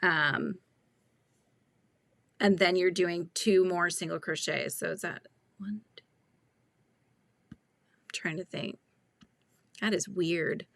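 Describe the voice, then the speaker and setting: A woman's voice: fairly low pitch, steady tone, slow, vocal fry, long pauses, dry recording. A woman hosting a live crochet chat, thinking aloud and talking through pattern steps with viewers. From California. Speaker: crochet livestream host.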